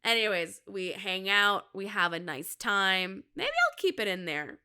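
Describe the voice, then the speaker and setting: A comedian in her thirties from Minnesota hosts her own podcast solo, talking candidly with a Midwestern American accent, mocking herself and joking with laughs. Her medium-pitched voice is very animated and a little slow, pushed and bright with a clean tone.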